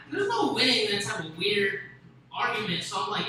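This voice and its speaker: Young male stand-up, crude rambling storyteller, hard bright tone, roomy echo, faint hiss. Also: sits high, lively intonation, a little fast. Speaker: stand-up comedian. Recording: echoey room with faint noise.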